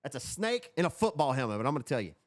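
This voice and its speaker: A young man co-hosting a racing podcast, telling stories in an excitable, swearing, casual chat. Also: mid-range voice, very fast, no room sound, studio quality. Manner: excitable storyteller, drawls and swears. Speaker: podcast co-host.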